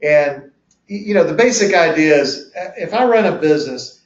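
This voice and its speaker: Male lawyer presenter, folksy, acts out courtroom bits, higher voice, heard from a distance in an echoey room with a dull, lo-fi sound. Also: lively intonation, moderate pace. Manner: folksy, uses acted-out courtroom examples. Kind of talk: conversational legal lecture.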